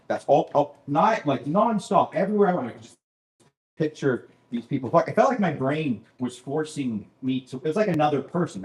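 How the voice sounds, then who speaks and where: A man's voice: mid-range voice, roomy sound. A man doing a stand-up set in a comedy club, self-deprecating and rambling into asides, with a Canadian accent.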